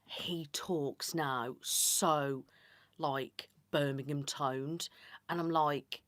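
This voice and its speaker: A woman with a Staffordshire accent, hosting an ASMR live stream and chatting in a rambling, casual way that slips into soft whispered asides. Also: low-pitched, fairly even intonation, drawn-out words, no echo. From Staffordshire, England. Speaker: ASMR channel host.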